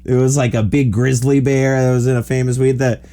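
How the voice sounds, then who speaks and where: A podcast host in his forties, medium-pitched and a little fast, tells a long, rambling story in an animated way. His casual storytelling chat is packed with "like."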